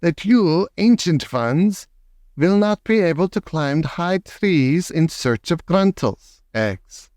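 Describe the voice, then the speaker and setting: A man voicing an imperious, cruel female witch leader, calling out commands slowly and drawn out. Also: a little high, lively intonation, darkish tone, no echo, clean studio sound, pitched above the performer's own voice. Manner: slow, drawn-out commanding calls.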